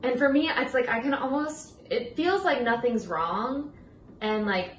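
A woman's voice: on the high side, unhurried. Chatty young woman, roomy distant mic. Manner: chatty, laughs often, many fillers. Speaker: podcast co-host. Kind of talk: casual chat. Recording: roomy, slightly distant mic with faint room noise.

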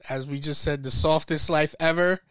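A man's voice: on the high side, steady tone, moderate pace, sharp tone, clear, resonant tone, no room sound. A man co-hosting a podcast in casual debate, arguing his point, repeating phrases and acting out quotes, on a close mic. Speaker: podcast co-host.

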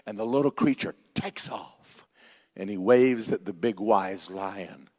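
Folksy preacher telling a story in a hall. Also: male voice, lowish voice, unhurried. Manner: folksy, animated storytelling with repetition. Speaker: pastor. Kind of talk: sermon with storytelling.

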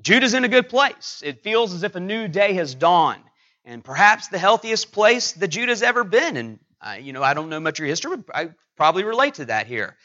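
A middle-aged man preaching a sermon, telling a personal story with many halting fillers and restarts. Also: sits high, big pitch swings, pushed and bright, dull audio. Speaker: pastor.

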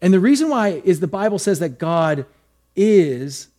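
Man preaching with lively storytelling. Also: sits high, unhurried. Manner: storytelling, animated with acted asides. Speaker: pastor. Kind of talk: sermon.

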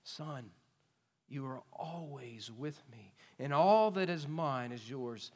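A man voicing a gracious father who speaks softly and tenderly to his son, in a reverberant hall. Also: mid-range voice, expressive, slow. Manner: soft, quiet, tender. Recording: long reverb of a large hall.

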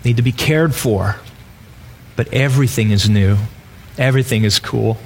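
A man's voice: mid-range voice, moderate pace, gravelly, slight background noise. A man preaching a sermon in a conversational way, often asking rhetorical questions. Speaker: pastor.

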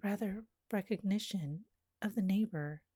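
Mellow woman reading a poem intimately. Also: medium pitch, husky, no echo, clean studio sound. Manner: slow, lyrical, intimate delivery. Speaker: poet. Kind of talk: poetry reading.

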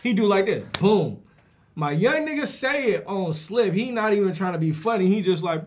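A man who works as a barber, telling a story in an animated way, acting out the voices with lots of slang. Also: high-pitched, normal speed, slight background noise. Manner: acts out every voice in his stories, slangy.

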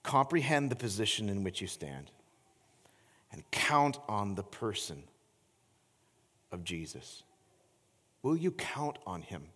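A middle-aged man preaching as a pastor, telling stories with animated energy and slowing into soft, earnest appeals. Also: slightly rough. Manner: animated storytelling, voice climbing high in anecdotes; slows and softens into earnest appeal. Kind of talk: sermon. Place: church sanctuary. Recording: long church reverb.

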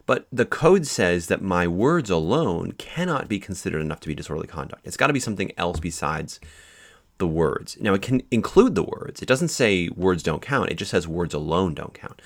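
Low gravelly man lecturing on law. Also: very animated, moderate pace. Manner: explanatory, with many fillers and restarts. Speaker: law instructor. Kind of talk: recorded lecture.

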